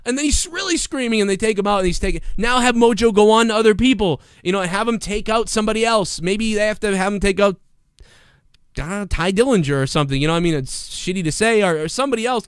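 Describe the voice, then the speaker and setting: High-voiced man ranting about wrestling. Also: fast talker, smooth, no echo, studio quality. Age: adult parent. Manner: profane, rambling, excitable, acts out bits in quotes. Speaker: livestream wrestling show reviewer. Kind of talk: casual rambling commentary.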